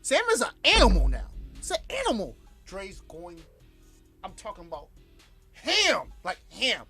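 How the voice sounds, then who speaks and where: An animated man telling stories as a podcast guest, his voice leaping high and low with a bright, sharp edge. He talks in a lively, excitable way. Music plays behind him. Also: normal speed, slightly rough. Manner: animated, laughing, voice jumps high when excited. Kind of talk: animated storytelling chat.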